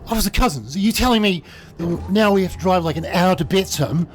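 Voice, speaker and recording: A man voicing a frightened, bewildered young woman under arrest, speaking up high and urgently in a true crime storytelling video. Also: fast, a little mellow, slight background noise, lightly acted. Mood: pleading. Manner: pleading, higher-pitched, urgent.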